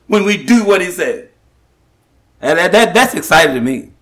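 Male preacher, high and animated voice, emphatic sermon delivery with frequent restarts. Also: husky. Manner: emphatic, repetitive, with halting restarts; slows and rises to stress scripture.

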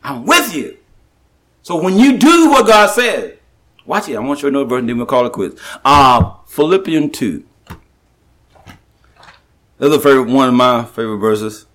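A man preaching a sermon, emphatic and repetitive, slowing down to stress the scripture he quotes, with halting restarts. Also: medium pitch, big pitch swings, fairly bright tone. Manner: slows and rises to stress scripture.

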